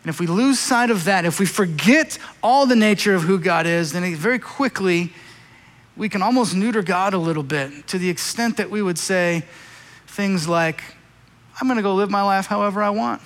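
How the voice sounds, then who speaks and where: A high-voiced man preaching a sermon to his congregation. He tells scripture stories with energy and acts out the figures as he goes. His voice rings with a long reverb through a big hall. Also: normal speed. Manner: animated storytelling, acting out biblical figures. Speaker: pastor.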